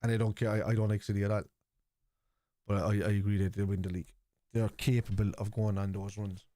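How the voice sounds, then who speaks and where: Hosting a football watchalong stream, this man speaks a little fast in a lowish, dark-toned voice with little pitch movement. He chats casually and bluntly during the live commentary, swearing a lot, airing strong opinions and repeating his points, all on a dry recording.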